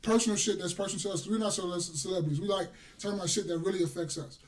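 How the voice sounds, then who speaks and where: A man co-hosting a podcast, talking in a loud, animated casual chat and swearing freely. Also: sits high, very fast, recorded from a distance. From Chicago. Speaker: podcast co-host.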